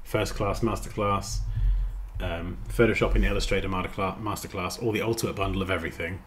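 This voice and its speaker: A man's voice: deep voice, steady tone, a little fast, slight background noise. A man chatting casually on a design livestream, rambling and muttering as he works. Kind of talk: casual livestream chat while editing.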